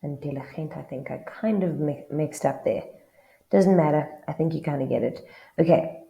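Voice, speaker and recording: South african lady teaching a language, low gravelly voice, keeps asking "got it?". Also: moderate pace, echoey room, dull audio. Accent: South African English. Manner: friendly, checks in with the viewer often. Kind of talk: casual online lesson.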